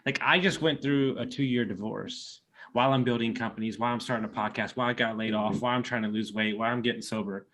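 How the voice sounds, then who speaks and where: A man's voice: medium pitch, quick pace, fairly bright tone. A man hosting a podcast, talking bluntly and emphatically and swearing casually. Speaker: podcast host. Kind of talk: casual interview chat.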